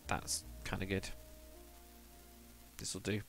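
Guy streaming a build, low-ish voice, mutters along, answers chat, quiet music underneath. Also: monotone, slow. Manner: rambling, thinks aloud, mutters to himself; reads out and answers viewer chat. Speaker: live streamer. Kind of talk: casual live stream chat while building in a game.

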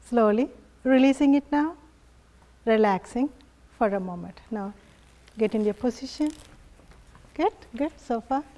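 A woman yoga instructor guiding a family class in a gentle, encouraging way, often laughing softly. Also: fairly high pitch, measured pace, pauses often.

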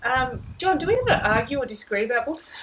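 Lively woman on a veranda. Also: high voice, fast, a crowd in the background, low-quality recording. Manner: lively, teasing. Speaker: host. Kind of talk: casual chat. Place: outdoor veranda.

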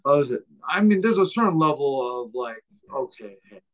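A man who is a fighter, a guest on a casual podcast, who talks slowly and searches for his words. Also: mid-range voice, lively intonation, poor audio.

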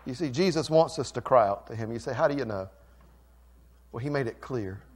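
A male pastor preaching a sermon, swinging from quiet, intimate lines to loud, fervent ones. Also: mid-range voice, animated, fairly quick, husky. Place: church sanctuary.

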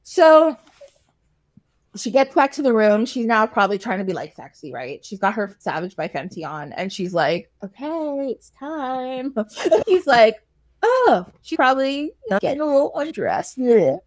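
A woman's voice: mid-range voice, animated, moderate pace, dry recording. A woman casually retelling a fairy tale with slangy comic asides, laughing often. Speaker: storyteller guest.

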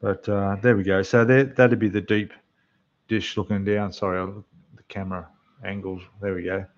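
A man with an Australian accent hosting a casual model-building livestream, chatting away to viewers in a slightly rough voice. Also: lowish voice, little pitch movement, normal speed, highs cut off. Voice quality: rough, losing its depth. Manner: chatty, rambling, talks to the chat while building. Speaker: scale model livestream host. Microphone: desk microphone, quieter when turned away.

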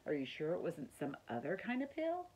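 A woman's voice: deep voice, wildly swooping pitch, a little fast, a little mellow, slightly rough, heavily acted, low-quality recording. A woman reading aloud, voicing a worried, fond mother mouse in a storybook. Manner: anxious, tender.

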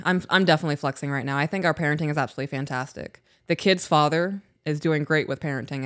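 A woman's voice: deep voice, clear, resonant tone, no room sound, clean studio sound. A woman co-hosting a relationship podcast, reading listener emails and talking candidly about parenting. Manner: candid, self-reflective, agreeable with many backchannels. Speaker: podcast co-host.

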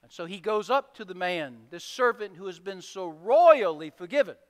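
A man's voice: high voice, lively intonation, normal speed. A male pastor preaching a sermon, retelling a parable vividly and emphatically in a church sanctuary. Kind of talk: sermon storytelling. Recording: long church hall reverb.

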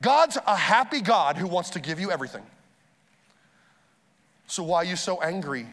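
A man preaching a sermon as pastor, energetic, with urgent appeals and calls for the congregation to respond. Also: high-pitched, normal speed. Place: church auditorium. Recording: live sermon in a large reverberant hall with faint music.

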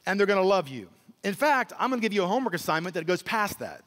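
Male pastor, high-pitched, emphatic preacher who repeats words and acts out voices, long hall reverb. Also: sing-song, quick pace, fairly bright tone. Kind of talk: sermon.

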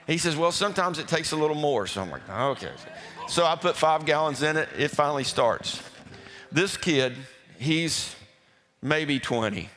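Pastor, male, mid-pitched, chatty and animated, restarts his words; recorded in a reverberant church hall. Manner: folksy, animated storyteller who stumbles and repeats words. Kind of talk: storytelling testimony to a congregation. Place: church sanctuary. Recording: reverberant hall with faint music.

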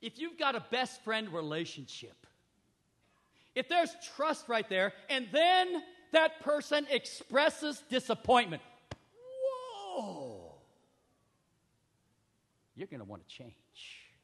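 A man's voice: very high voice, wildly swooping pitch, unhurried. A man preaching a sermon, reading scripture and speaking emphatically, often asking the audience questions. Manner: emphatic, dramatic swings in loudness; addresses the audience directly with questions. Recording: reverberant hall.

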